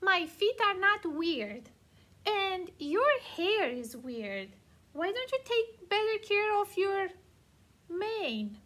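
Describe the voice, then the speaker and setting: A woman's voice: extremely high pitch, sing-song, slow pace, fairly bright tone, heavily acted. Woman doing a prim, vain storybook horse. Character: prim, vain horse fussy about grooming.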